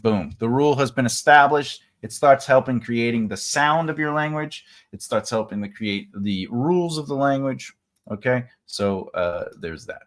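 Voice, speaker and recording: A man's voice: mid-range voice, moderate pace. A man from the United States giving a casual, rambling live writing lesson, full of fillers and restarts. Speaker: writing teacher.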